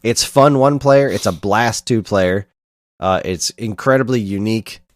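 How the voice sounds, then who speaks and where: A man's voice: on the low side, unhurried, no echo, studio quality. A man co-hosting a podcast, easygoing and joking, often restarting his sentences. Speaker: podcast co-host. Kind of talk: casual chat.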